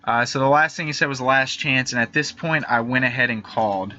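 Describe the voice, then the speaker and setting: A man narrating over screenshots of messages, hesitant and halting, with many fillers and restarts, nervous and frightened. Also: medium pitch, bright, forceful tone, highs cut off. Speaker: YouTube channel host.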